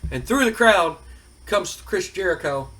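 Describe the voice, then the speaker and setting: A man's voice: high voice, lively intonation, unhurried, pushed and bright. A man hosting and narrating a simulation game in a rambling, colloquial way. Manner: rambling, colloquial storytelling with fillers. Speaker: game host.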